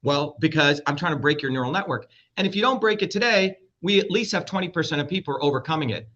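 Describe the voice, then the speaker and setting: Fast and animated, this presidential candidate, a middle-aged Indian man, talks as a guest in a heated interview, blunt, combative, and profane. His voice is a little high, pushed, and bright, recorded on dull lo-fi audio.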